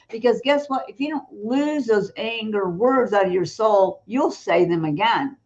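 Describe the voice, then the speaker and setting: A woman's voice: mid-range voice, animated, a little slow, few pauses, a little mellow, highs cut off. A woman guest on a Christian talk show, speaking bluntly and emphatically about prayer and sin, laughing between her points. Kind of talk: blunt preaching-style talk.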